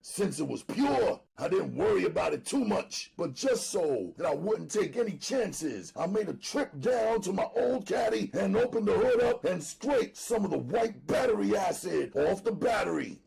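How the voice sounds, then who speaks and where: A man narrating an audiobook dramatically, loud and emphatic, often near shouting. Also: sits high, sing-song, moderate pace, creaky, few pauses.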